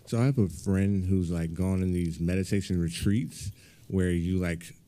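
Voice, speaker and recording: A man's voice: sits low, steady tone, moderate pace, dark tone. A man interviewing a guest casually, hesitant and full of filler words.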